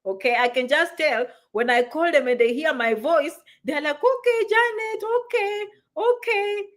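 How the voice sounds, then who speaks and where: A woman's voice: high-pitched, normal speed, a bit bright. A woman hosting a livestream, reading viewer comments and giving visa advice, emphatic and often asking "okay?". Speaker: immigration visa advisor and livestream host. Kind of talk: live stream talk, reading viewer comments. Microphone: livestream setup.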